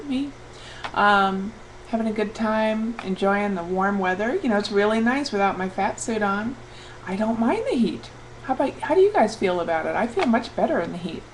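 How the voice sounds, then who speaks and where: A woman's voice: medium pitch, background noise. A middle-aged woman talking casually to her camera in a vlog, upbeat and rambling with lots of fillers. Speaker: vlogger.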